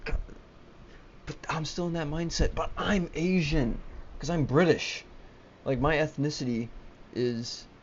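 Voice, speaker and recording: A young man, alone in front of his webcam, rambles through a rant, agitated, cursing, and stumbling over his words with frequent restarts. Oddly, his fairly high voice stays steady and his pace measured, while the laptop mic yields lo-fi audio with slight background noise.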